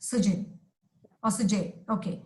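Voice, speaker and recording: A woman's voice: medium pitch, moderate pace, background noise. A woman teaching a class over a video call, patiently modelling sentences for her students. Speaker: English teacher. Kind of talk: online class instruction. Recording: roomy echoey sound.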